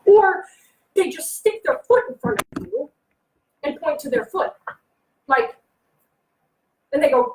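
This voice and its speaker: A high-voiced woman leads a parenting workshop, talking to the crowd and jumping into playful voices for kids and grown-ups. Her voice sounds a bit far from the mic and bounces around a roomy space. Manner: animated, acts out kids and adults in quick voices. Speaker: early childhood educator giving a workshop. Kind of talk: parenting workshop talk to a live audience. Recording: echoey room, voice from a distance.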